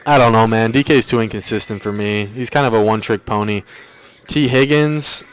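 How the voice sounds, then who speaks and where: A man's voice: on the low side, fairly quick, clean tone, soft background music. A young man hosting a livestream, ranking players in casual, slangy banter and talking back to his chat. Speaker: livestream host.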